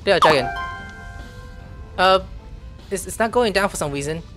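A young man playing a video game, reading its text aloud and reacting with excited outbursts. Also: high voice, moderate pace, music in the background. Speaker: gameplay streamer. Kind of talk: casual game commentary.

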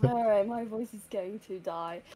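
A woman's voice: medium pitch, normal speed, a crowd in the background. A woman co-hosting a game stream in casual chat, giggly and self-deprecating. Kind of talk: casual chat while voicing game characters.

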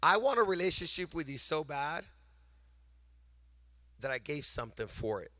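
An older man preaching a sermon to a congregation, animated and sing-song, swinging between loud emphasis and quiet storytelling. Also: on the high side, moderate pace, no room sound, studio quality. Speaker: pastor. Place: church sanctuary before a congregation.

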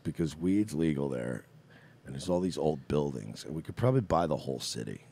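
A man's voice: rumbling low, animated, brisk, vocal fry, very noisy. A man co-hosting a show, giving sarcastic, mocking commentary on video clips. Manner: sarcastic, mocking, does mock voices. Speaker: co-host.

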